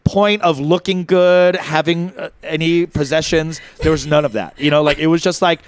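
A man in his thirties telling comic stories on a podcast, campy and animated, jumping into high put-on voices. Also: moderate pace, smooth. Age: 30s. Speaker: co-host. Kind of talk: casual comedic storytelling.

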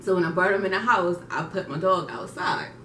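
A woman's voice: fairly low pitch, a little fast. A woman in her twenties casually telling stories and laughing with a friend. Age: 20s. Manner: laughing storyteller, animated quoting. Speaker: vlogger co-host. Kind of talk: casual chat. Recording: echoey room, distant mic, faint hiss.

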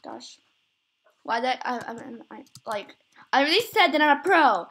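A young woman with a high, fairly bright, slightly rough voice and lively intonation talks at a measured pace. She's recording gameplay in casual chat, rambling and giggling, with many self-conscious laughs.

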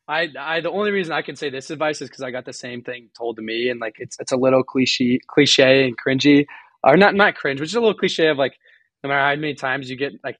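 A young man giving a candid podcast interview, rambling and halting with many restarts, earnest and openly emotional. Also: medium pitch, fairly bright tone, no echo. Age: young adult. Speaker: guest college runner.

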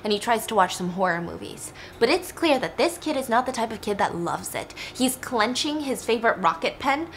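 Bright, chatty young woman storyteller. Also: fairly high pitch, lively intonation, fairly quick, few pauses, a little hiss or hum. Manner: chatty, emphatic, wry asides. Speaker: storytelling vlog host. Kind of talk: casual true crime storytelling.

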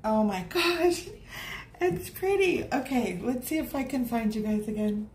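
A woman's voice: on the high side, expressive, a little slow, a little mellow. A woman teaching a live painting lesson, chatting affectionately with her viewers in a bubbly way. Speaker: art teacher. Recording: echoey room, faint background noise.

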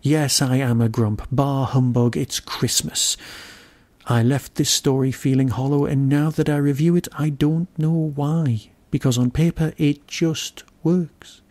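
A man's voice: a little high, fairly even intonation, unhurried, few pauses, mellow. A man hosting a podcast, talking through a solo review in a wry, musing way and grumbling at himself now and then. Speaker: podcast host reviewing an episode.

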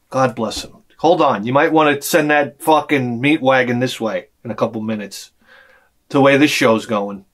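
A man with a medium-pitched voice speaks at a moderate pace while hosting his own video channel. His casual ranting monologue is profane, rambling, and emotional.

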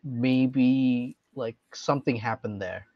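A man's voice: medium pitch, slow pace, dry recording. Male co-host, musing and hedging, dry muffled recording. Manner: thoughtful, hedging with many likes. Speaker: podcast co-host. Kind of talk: casual chat about ghost stories. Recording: dry, dull lo-fi sound.

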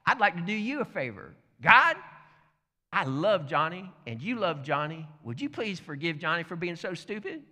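A man's voice: a little high, sing-song, moderate pace, bright, forceful tone, big-room sound, voice pushed up, heavily acted. A man voicing a cheerful, unbothered older man who answers hostility with breezy friendliness. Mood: cheery.

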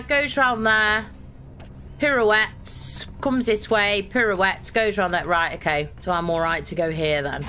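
Bright and forceful, this medium-pitched woman's voice belongs to a young streamer giving live commentary on a horror game. She reasons aloud, swears, and sounds increasingly exasperated.

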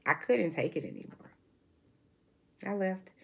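A woman's voice: medium pitch, expressive, a little slow, gravelly, darkish tone, slightly rough. A woman in her forties giving an emotional, emphatic monologue to camera, repeating herself and restarting sentences. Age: 40s. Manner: emphatic and repetitive, full of restarts. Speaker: vlogger.

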